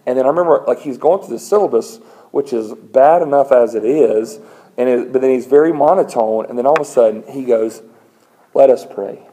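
A man's voice: mid-range voice, fairly quick, rough recording. A man preaching a sermon in a conversational, lightly humorous way, often acting out the voices of people in his stories. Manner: conversational, animated storytelling with acted-out voices; frequent fillers and restarts, lightly humorous. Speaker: pastor.

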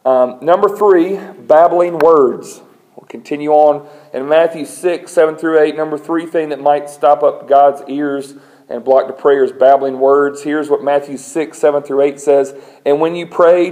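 A man with a slightly high voice preaches a sermon in a relaxed, conversational way. He tells stories with gentle humor and sometimes acts out other people's voices, with plenty of casual fillers. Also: poor audio. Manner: conversational, animated storytelling with acted-out voices; frequent fillers and restarts, lightly humorous. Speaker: pastor.

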